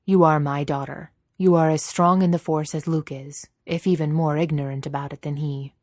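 A woman reading aloud, voicing a booming male warlord in armor, stern and cold. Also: fairly even intonation, normal speed, a little mellow, dry recording, clean studio sound.

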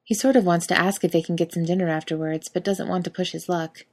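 A woman narrating a fiction audiobook in an even, steady storytelling manner. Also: on the low side, quick pace.

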